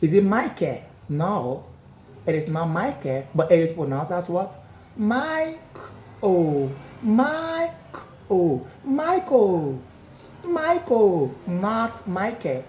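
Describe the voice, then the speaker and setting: A woman teaching a phonics lesson, slowly drilling letter sounds with repeated examples. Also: lowish voice, darkish tone, roomy sound, slight background noise.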